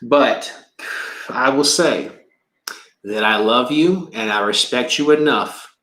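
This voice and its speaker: Man, card reader, rambling and emotional, heavy swearing, bright tone, echoey room. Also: mid-range voice, slow pace. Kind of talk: casual livestream rant and card reading.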